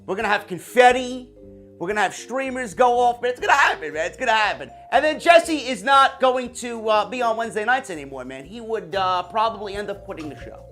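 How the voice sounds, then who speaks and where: Hyped, swearing high-voiced man from New York. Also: lively intonation, brisk, a bit bright, faint music behind. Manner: hyped, profane, repeats "man" constantly. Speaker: wrestling show reviewer and host. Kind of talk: livestream wrestling podcast chat. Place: home basement.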